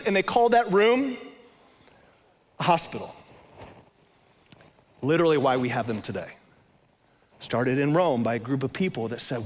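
Casual pastor, high voice, hall reverb, chatty sermon delivery. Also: male voice, a little fast. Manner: conversational preaching, often says "man".

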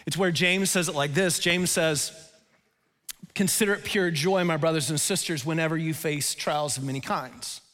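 A male pastor preaching a sermon, telling stories in an animated way and laughing at himself. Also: on the high side, in a large hall.

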